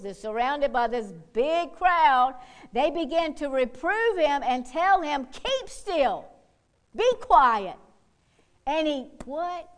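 Woman, preacher, high-pitched, fervent sermon, whoops and hallelujahs, hushed asides to loud exhortation. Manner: swings between quiet asides and loud bold exhortation.

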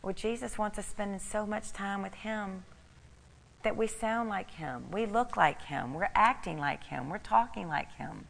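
A woman's voice: medium pitch, a little slow, creaky, fairly bright tone, big-room sound. A middle-aged woman preaching a sermon, emphatic and repeating key phrases for stress.

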